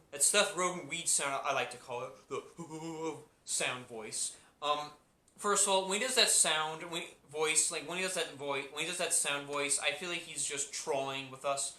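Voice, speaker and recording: A man talks through a movie review in a loose, rambling way, circling back to the same points and restarting his sentences. His voice is strikingly bright and a little high. The room around him adds a clear echo. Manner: rambling, repeats himself, many restarts and fillers. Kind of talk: casual spoken review.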